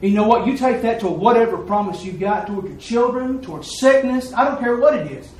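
A man's voice: very high voice, lively intonation, brisk, darkish tone, a little hiss or hum. A man giving a folksy sermon testimony at a church service, telling a story and acting out the quoted dialogue. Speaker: lay preacher. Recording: echoey room, mic far off.

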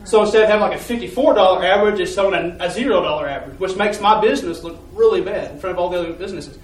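In rapid-fire delivery, a man with a rather high voice recounts his personal faith testimony as a church member. The earnest, heartfelt story rambles with restarts and repeated words, and he sounds somewhat distant from the microphone amid church-hall echo.

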